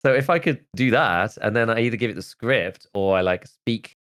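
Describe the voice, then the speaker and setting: A man's voice: fairly low pitch, normal speed, fairly bright tone, clean tone. A man in his thirties, a podcast host chatting casually and rambling, with lots of "like" and restarts. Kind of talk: casual chat.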